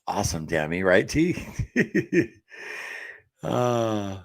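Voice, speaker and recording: A man with a very deep, low-pitched voice hosts a casual live stream from his home office. He reads viewer comments aloud and chats back in an easygoing way, full of fillers and quick laughs. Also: sing-song. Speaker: host of a diet support live stream.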